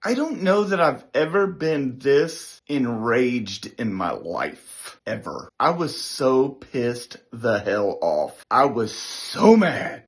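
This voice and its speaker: A middle-aged man casually telling a story, swearing freely and acting out what others said. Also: medium pitch. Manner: animated, swears freely, acts out others' lines. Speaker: storyteller recounting a military prank.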